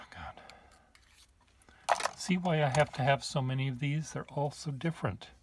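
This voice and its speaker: A man's voice: mid-range voice, animated, unhurried, a little hiss or hum. A man showing pens to the camera in a casual, musing way, thinking aloud with small asides while he writes at a desk. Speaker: pen collector demonstrating nibs. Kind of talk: casual show-and-tell to camera.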